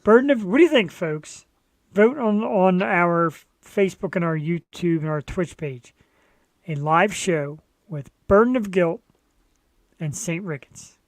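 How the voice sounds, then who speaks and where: Man, host, high voice, dry sound, excitable, rambling, joking, casual chat. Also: a little slow, dry recording. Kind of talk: casual live show chat.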